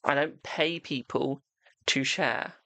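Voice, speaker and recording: A card reader chatting casually to viewers on a home live stream, full of laughter and fond "my darling"s. The voice carries a gravelly, fry-edged texture at a middling pitch, and the sound is dry and close with no room echo. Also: slow pace, pushed and bright.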